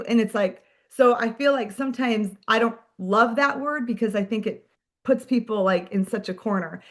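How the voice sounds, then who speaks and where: A woman leading a team meeting as a sales director, giving an energetic, chatty motivational talk, full of "like" and "friends". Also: on the high side, normal speed.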